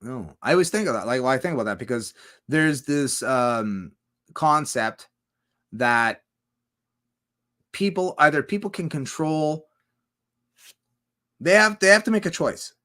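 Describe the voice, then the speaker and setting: A man's voice: fairly high pitch, lively intonation, measured pace, long pauses, bright, forceful tone. Male streamer host, loose and rambling, swears freely, riffs off chat, casual solo talk. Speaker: livestream host reading chat.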